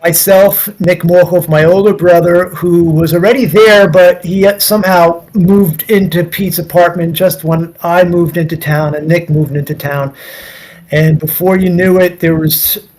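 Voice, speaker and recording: Guy in his 50s rambling thru an old story, kinda high voice, lots of restarts. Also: fairly even intonation, unhurried, darkish tone, poor audio. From United States. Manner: rambling, frequent restarts and laughs, acts out voices. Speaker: guest. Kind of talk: casual storytelling.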